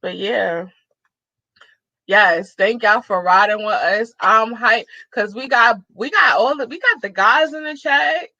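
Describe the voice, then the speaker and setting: A woman hosting a casual live-stream chat, reading comments aloud and giving shout-outs, with bursts of excited exclamation. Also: a little high, measured pace, no room sound. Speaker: livestream host. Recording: dull, dry lo-fi live-stream audio.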